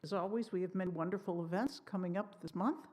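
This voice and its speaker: Lower-voiced woman reading announcements. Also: fast talker, darkish tone. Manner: chatty, with fillers and self-corrections. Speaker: synagogue board member. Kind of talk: service announcements. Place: synagogue sanctuary.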